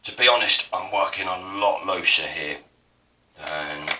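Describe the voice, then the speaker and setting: A man's voice: low voice, a little slow, bright, forceful tone, distant mic. A man with an Essex accent, chatting casually and rambling while he demonstrates printmaking, self-deprecating and prone to digressions. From Essex, South East England. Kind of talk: casual tutorial narration.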